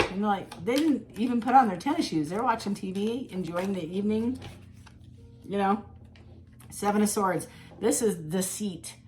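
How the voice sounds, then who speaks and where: A woman reading tarot cards in a casual, animated monologue, acting out quoted voices and laughing often. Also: mid-range voice, a little hiss or hum. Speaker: tarot reader.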